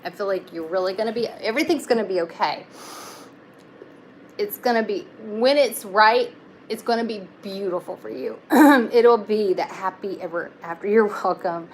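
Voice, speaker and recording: A woman's voice: mid-range voice, normal speed, a little hiss or hum. A young woman giving a casual live tarot reading, talking in a chatty, reassuring way with lots of fillers. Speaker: tarot reader.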